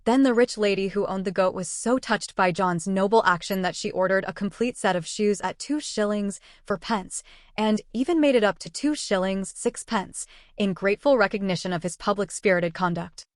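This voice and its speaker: Woman, storybook narration, measured, mid-pitched, dry recording. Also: no room sound.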